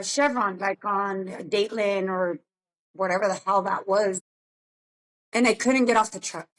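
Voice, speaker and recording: A woman co-hosts a podcast in casual chat, at a middle pitch. She speaks in a reflective, subdued way as she tells her story. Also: fairly bright tone. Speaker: podcast co-host.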